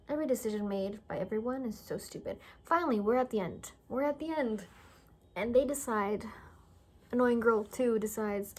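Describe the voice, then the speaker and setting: A woman's voice: a little high, a little mellow. A young woman giving a casual, exasperated movie review, sarcastic and stumbling over her words at times.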